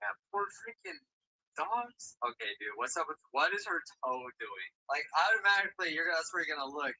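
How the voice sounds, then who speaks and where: A man streaming live, giving casual, animated commentary on a puzzle game with quick reactions. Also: a little high, gravelly, poor audio. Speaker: livestreamer. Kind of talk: gaming livestream commentary.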